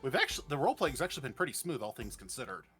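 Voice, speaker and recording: A man playing a tabletop game, his pitch swinging widely as he talks. He laughs easily and stumbles over words when excited. Faint music plays behind him. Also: very fast. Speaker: player. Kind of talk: tabletop role-play chat.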